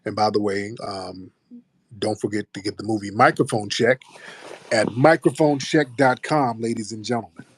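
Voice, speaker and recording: A man's voice: fairly low pitch, normal speed, breathy edge, dry recording. Loose, profane male show host. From United States. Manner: loose, profane, playful banter. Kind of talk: casual chat.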